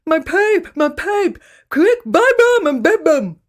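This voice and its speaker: A woman's voice: medium pitch, animated, a little slow, creaky, a bit bright, heavily acted. A woman voicing an older grandfather who has lost his false teeth and mumbles his words in a garbled rush. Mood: frantic. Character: frantic toothless old grandpa mumbling.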